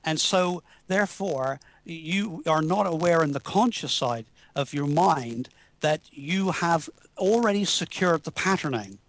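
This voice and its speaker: Male guest, earnest and halting, slightly raised pitch, dry close mic. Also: expressive, fairly bright tone, dry recording. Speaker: guest researcher. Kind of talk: casual talk show chat.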